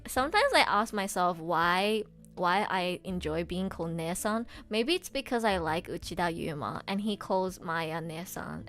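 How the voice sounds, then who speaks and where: A young woman, a voice actress, chatting casually on a live stream, gushing excitedly with frequent giggles. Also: medium pitch. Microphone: laptop streaming setup.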